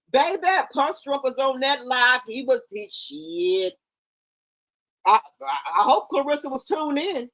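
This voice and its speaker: Woman gossip host, high and very animated, profane and theatrical, AAVE speech. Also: a little slow, low-quality recording. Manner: animated, profane, dramatic retelling. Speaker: commentary channel host. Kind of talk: casual gossip commentary.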